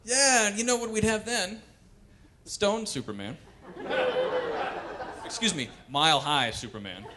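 A man performing wry, animated stand-up comedy on a cultural center stage. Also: high-pitched, measured pace, long pauses, a faint crowd, slight background noise. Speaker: comedian and pianist.

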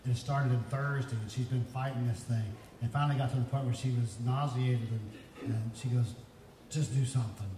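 A man's voice: mid-range voice, fairly even intonation, a little fast. A man in his fifties preaching a sermon in a church, telling folksy stories and building to emphatic peaks. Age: 50s. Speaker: pastor. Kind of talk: sermon with personal storytelling. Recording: echoey hall, distant mic, faint noise.

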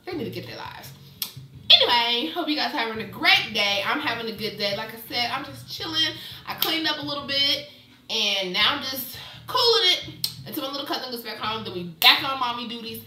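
A young woman with an African American accent talks in a casual, sassy home vlog. Her voice is bright, a bit high, and carries an edge. She sits back from the camera mic, so the room sounds echoey around her. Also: a little fast, distant mic, a little hiss or hum. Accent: African American English. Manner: chatty, sassy and animated when ranting. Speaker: beauty vlogger. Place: at home indoors.

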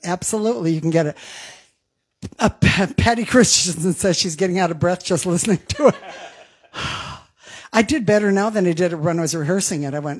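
A woman's voice: on the low side, moderate pace, pauses often, breathy edge. Chatty woman singer hosting a show. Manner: chatty, laughs, reads out viewer comments. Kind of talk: casual chat between songs. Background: backing music.

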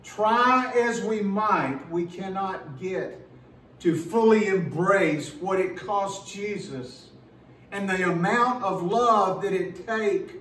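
A pastor preaching a sermon in an earnest, emphatic way, slowing down and repeating words as he builds a point. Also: high voice, a bit bright, echoey room, recorded from a distance, a little hiss or hum, low-quality recording.

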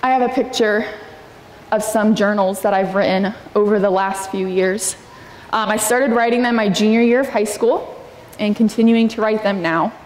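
A woman's voice: mid-range voice, moderate pace, a little mellow, a little hiss or hum. Young woman preaching in an echoey hall. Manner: earnest and personal, acting out prayers in a raised voice. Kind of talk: sermon. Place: church sanctuary. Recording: echoey hall with long reverb.

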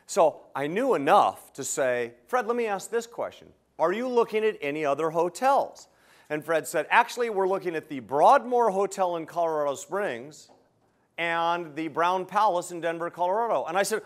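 Older man, sales trainer, animated storyteller, slightly high voice. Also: moderate pace. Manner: animated, acts out both sides of phone calls.

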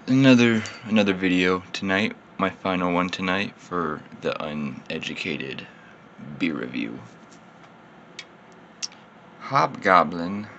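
A man's voice: low-pitched, creaky, fairly bright tone, muffled recording, slight background noise. A man, slightly tipsy, rambling casually through a beer tasting in his vlog and poking fun at himself. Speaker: beer reviewer.

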